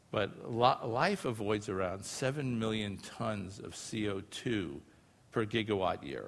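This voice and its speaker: A man with a somewhat low voice gives a public science lecture to a live audience. He explains things in a loose, conversational way, checking in with tag questions as he goes. The sound carries a long reverb from a large hall. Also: gravelly, a bit bright. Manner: casual and explanatory, often using filler phrases and tag questions. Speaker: lecturer presenting research.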